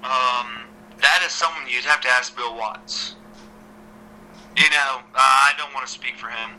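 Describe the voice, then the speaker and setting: A man, a former wrestler, telling stories as a podcast guest in an animated, chatty way with lots of repeated starts. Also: medium pitch, a little slow, a little hiss or hum, rough recording. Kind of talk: casual storytelling interview.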